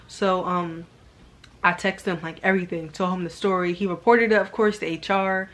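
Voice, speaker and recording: A woman's voice: on the low side, steady tone, normal speed, a bit bright. A young woman telling a personal story to camera in a casual, rambling way, filling her sentences with "like" and sounding earnest and subdued. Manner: rambling, heavy use of "like" as filler. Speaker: vlogger.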